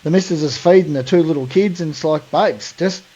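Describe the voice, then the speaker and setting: A man's voice: a little high, fast talker, dark tone, highs cut off. An Australian man hosting a podcast, telling a long story in a rambling, slangy way full of fillers. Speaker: podcast host. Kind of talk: casual storytelling.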